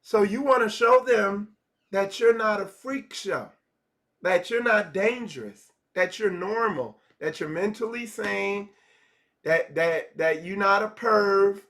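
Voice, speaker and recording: Taking it slowly, a man with a high, somewhat bright voice leads a casual livestream lesson as a spiritual teacher. He talks conversationally, repeating phrases and acting out brief dialogues.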